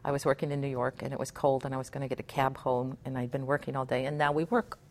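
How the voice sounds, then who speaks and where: A middle-aged woman from Hawaii, a puppeteer being interviewed, chatting in an animated way and laughing often. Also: a bass voice, fast. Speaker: puppeteer guest. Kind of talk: conversational interview.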